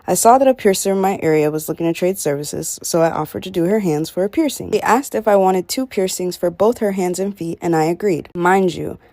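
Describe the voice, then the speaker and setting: A woman's voice: on the low side, brisk, hardly any pauses, mellow, dry recording. A woman nail technician beginning a casual storytime about a trade gone wrong.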